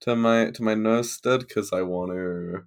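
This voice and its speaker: Slow, low-voiced teasing man. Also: clean tone. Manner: dry teasing humor. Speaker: podcast co-host. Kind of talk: casual chat.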